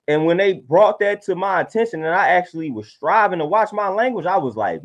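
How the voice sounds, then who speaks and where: A man's voice: sits high, animated, a little fast, lo-fi sound. A man talking casually on a livestream, laid-back and preachy, often repeating his points. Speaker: livestream host.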